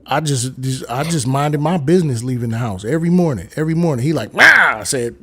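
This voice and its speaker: A man's voice: mid-range voice, fast. A man, hosting a live stream and telling rambling comic stories, slipping into voices. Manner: rambling storyteller, slips in voices. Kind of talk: casual comedic chat on a live stream.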